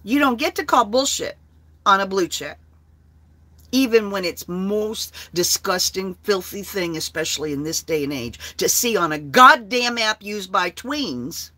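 A woman's voice: mid-range voice, animated, a little slow, bright, forceful tone. A woman talking on her own livestream, blunt and heavily profane. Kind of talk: casual livestream talk.

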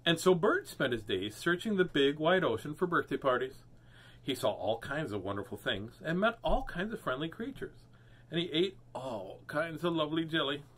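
A man's voice: a little high, big pitch swings, moderate pace, fairly bright tone. A man hosting a read-aloud of children's books, playful with jokey asides between pages. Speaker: host reading children's books.

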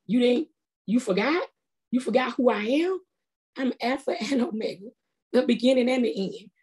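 Woman putting on God, high, firm, reassuring, casual talk. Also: normal speed, darkish tone, breathy edge. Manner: emphatic, reassuring, casual speech. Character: God, a reassuring, confident divine voice.

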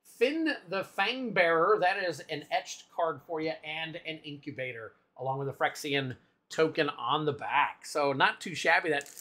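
This card-opening channel host speaks at a normal speed, his voice on the high side with a bright, forceful tone. Pulling cards one by one, he lists them aloud in a chatty way, adding small side comments.

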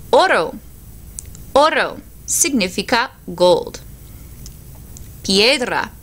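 A woman's voice: medium pitch, bright, forceful tone. A woman teacher reads Spanish words one by one, then explains each in for her class. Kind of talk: recorded vocabulary lesson.

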